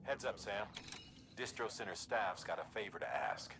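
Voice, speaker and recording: A low, authoritative mission director. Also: male voice, animated, very noisy. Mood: briefing. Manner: measured, authoritative. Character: male mission director giving briefings. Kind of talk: video game dialogue. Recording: game audio with music underneath.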